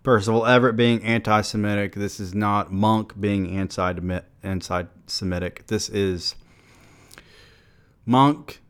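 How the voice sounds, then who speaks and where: A man with a fairly low voice reads his literary essay on a podcast. He is measured and analytical, and he breaks in with dry, offhand asides. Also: fairly even intonation, clean tone. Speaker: podcast host. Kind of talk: reading his essay aloud with commentary.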